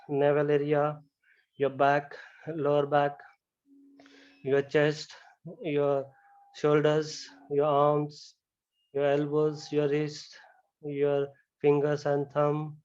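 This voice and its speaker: Calm man guiding yoga relaxation. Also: fairly high pitch, clear, resonant tone, muffled recording. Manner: slow, calm step-by-step guidance with frequent "you know". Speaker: yoga instructor. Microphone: camera mic.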